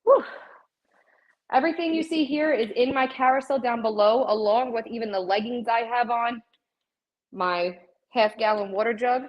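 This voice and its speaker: A woman's voice: a little high, normal speed, highs cut off. Breathless woman streaming from her home gym. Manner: chatty, talks straight to viewers as "guys". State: out of breath from cardio. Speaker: livestream host showing fitness products. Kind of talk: live shopping stream chat.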